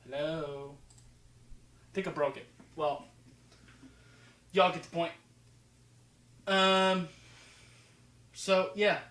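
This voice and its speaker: A man's voice: on the high side, extremely slow, pauses often, a bit bright, echoey room, poor audio. A man from New Jersey with a slight New Jersey accent, casually talking over football game film, rambling with fillers and restarts. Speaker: football film breakdown host.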